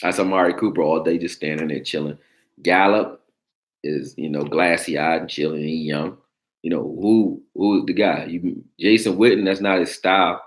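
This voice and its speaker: Deep-voiced blunt sports talk host. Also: male voice, steady tone, moderate pace. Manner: blunt, profane, joking, reacting to chat. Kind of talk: casual sports talk livestream.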